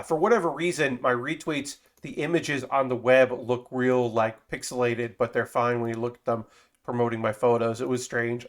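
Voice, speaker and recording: A man streaming while building a model kit, talking casually in a rambling, self-correcting way with frequent swearing. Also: mid-range voice. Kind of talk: casual live-stream chat.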